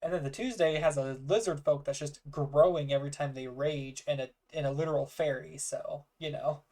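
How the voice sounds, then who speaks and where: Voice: medium pitch, fairly quick, darkish tone. A game master running a tabletop game over a call, describing scenes, laughing at themself and swearing now and then. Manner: self-deprecating, laughs often, swears.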